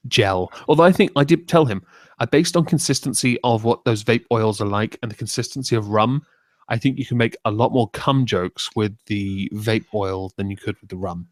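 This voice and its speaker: A man's voice: fairly low pitch, moderate pace, no echo. A man hosting a casual stream chat, joking crudely and laughing often. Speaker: streamer host.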